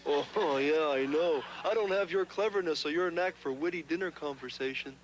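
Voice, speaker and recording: A man's voice: a little high, normal speed, slight background noise, lightly acted, rough recording. A man playing a sweet, naive young boy puppet who talks in an earnest, gullible way. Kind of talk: puppet show acting.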